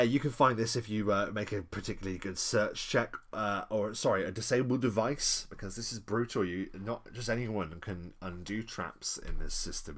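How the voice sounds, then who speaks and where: A man chatting casually on a live stream, reading an old game module and answering his chat politely. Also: sits low. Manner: chatty, rambling, apologetic, polite.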